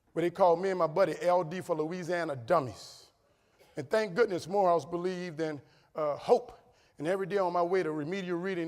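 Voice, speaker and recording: A middle-aged man with a New Orleans accent giving an animated motivational speech full of stories, acting out the voices of people he quotes. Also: high-pitched. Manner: animated, acts out quoted voices, laughing asides. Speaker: keynote speaker. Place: large hall with audience. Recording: long hall reverb.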